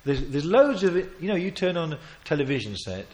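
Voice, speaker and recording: Man preaching with loud emphatic swells. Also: a little high, very animated, a little fast. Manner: emphatic, with sudden loud swells and quiet asides; chuckles while telling stories. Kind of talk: sermon.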